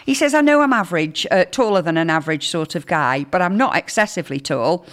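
A woman hosting a radio show in casual chat, reading out listener messages with chatty, lively emphasis. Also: fairly low pitch, fast. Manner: chatty, reads texts aloud with lively emphasis. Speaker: radio host.

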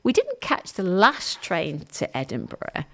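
A woman's voice: fairly low pitch, huge pitch swings, a little slow, pushed and bright. A woman, presenting a solo radio talk in a chatty, playful way with self-mocking asides. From Wales.

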